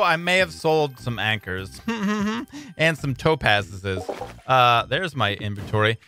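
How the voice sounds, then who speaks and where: Excitable male gamer, lively bright voice, let's-play chatter over faint game music. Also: medium pitch, slow pace. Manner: excitable, swings between mumbling and loud outbursts, says "dude" a lot. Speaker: gaming YouTuber. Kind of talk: casual let's-play commentary.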